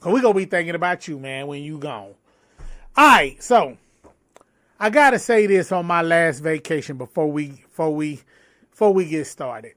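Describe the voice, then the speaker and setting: A man's voice: a little high, lively intonation, normal speed, fairly bright tone, no echo. A man co-hosting a livestream talk show, chatting casually in laid-back slangy banter and joking with his co-hosts. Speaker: podcast co-host.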